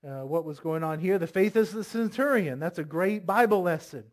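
Man, high-pitched voice, pastor, sermon, asks congregation questions, forceful scripture reading. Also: expressive, moderate pace. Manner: reads scripture aloud, voicing commands forcefully.

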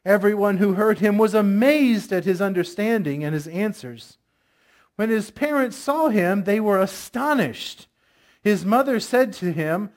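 A man's voice: high-pitched, lively intonation, unhurried. A middle-aged male pastor giving a sermon, telling stories in a conversational way and asking the congregation questions.

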